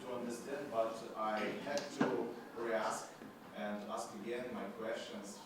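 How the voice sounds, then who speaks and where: A man's voice: medium pitch, fairly even intonation. A male student with a Russian accent, answering a question hesitantly in class. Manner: hesitant, halting, searching for words. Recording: echoey hall from far off, noise.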